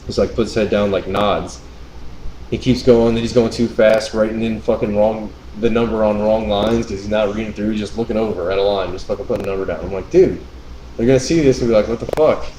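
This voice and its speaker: Casual podcast host: low-voiced man, profane ranting storyteller, roomy recording. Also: level tone, fairly quick, dark tone, slight background noise. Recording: roomy room sound.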